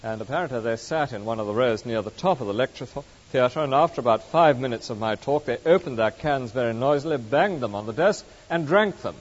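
A man preaching a sermon, telling stories in a measured, expressive way. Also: medium pitch. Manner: measured, expressive storytelling delivery. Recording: muffled recording with long hall reverb.

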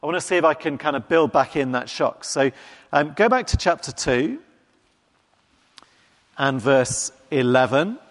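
A man's voice: fairly high pitch, animated, measured pace, pauses often. A man preaching a sermon in a conversational, wry, emphatic way. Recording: long hall reverb.

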